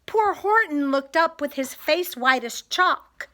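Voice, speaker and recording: Female storybook reader, rhythmic and expressive, unhurried, high bright voice. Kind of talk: children's story read-aloud.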